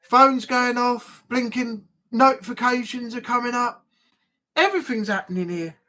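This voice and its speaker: A man's voice: very high-pitched, moderate pace, pushed and bright. A man hosting a casual live-stream chat, frank and chatty, swearing freely.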